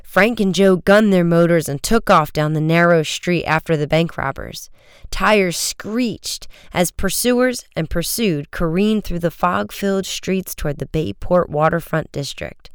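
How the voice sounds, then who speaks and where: Smooth, dry-voiced audiobook narrator. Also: medium pitch, no room sound. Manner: brisk, vivid storytelling with raised shouts for dialogue.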